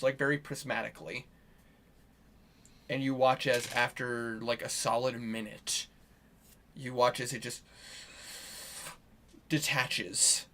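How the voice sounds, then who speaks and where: A man's voice: medium pitch, fairly bright tone. A man narrating as game master in a tabletop game, rambling with lots of fillers.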